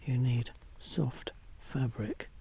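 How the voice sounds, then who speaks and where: Man, outdoor wildlife vlogger; hushed, slow, dark-toned delivery; handheld camera mic out in the woods. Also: medium pitch, vocal fry, slight background noise. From England. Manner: hushed stealthy whispering, halting with fillers. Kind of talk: casual outdoor vlog narration. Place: outdoors in a forest among bracken. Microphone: small handheld camera mic.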